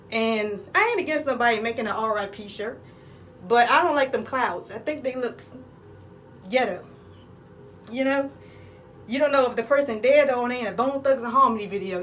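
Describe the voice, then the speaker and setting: A woman's voice: on the high side, recorded from a distance, slight background noise, rough recording. Brash profane woman telling a story. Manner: brash, crude, rambling. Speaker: comedic vlogger. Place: outdoors in the cold.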